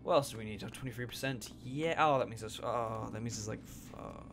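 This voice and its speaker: A man's voice: mid-range voice, fairly quick, a bit bright. A man doing casual let's play commentary, joking and chatty while reading game dialogue aloud.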